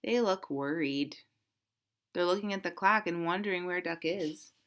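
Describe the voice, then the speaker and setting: A woman reading a picture book aloud to children, animated and interactive, asking questions about the pictures. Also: on the low side, moderate pace.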